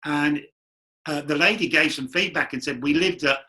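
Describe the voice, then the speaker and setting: Bright-voiced man telling stories. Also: on the high side, normal speed. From London. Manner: chatty, rambling anecdotes with acted quotes. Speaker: guest medium. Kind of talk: candid storytelling interview.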